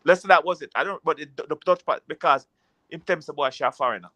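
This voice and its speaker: Bright-toned man telling jokey stories. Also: on the high side, fast, no room sound. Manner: jokey storyteller, patois-laced. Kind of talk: casual chat.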